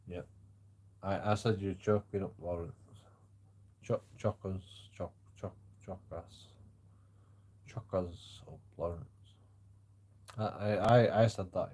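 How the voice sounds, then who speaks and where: A man with a deep, husky voice rants on a live stream. He stammers through his sentences and swears often. His volume jumps from loud bursts down to low mutters. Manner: stammering, profane, swings between loud and muttered. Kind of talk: rambling live-stream rant.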